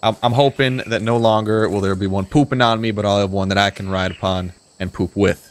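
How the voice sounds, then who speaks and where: A man's voice: lowish voice, steady tone, brisk. A man joining a gameplay video as guest, goofy and playfully melodramatic. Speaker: guest player. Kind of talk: casual gameplay banter.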